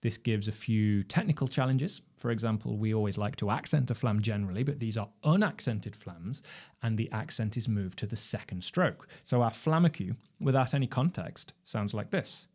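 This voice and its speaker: A man teaching drumming in a measured, explanatory lecture, posing rhetorical questions as he goes. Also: fairly low pitch, a little mellow. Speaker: drum instructor. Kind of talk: instructional lecture.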